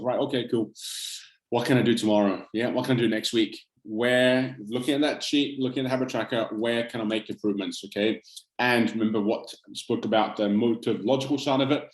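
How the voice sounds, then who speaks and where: A man from Africa, running an online group nutrition coaching session in an upbeat, encouraging way and often checking in with "okay?". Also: mid-range voice. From South Africa. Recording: roomy echo.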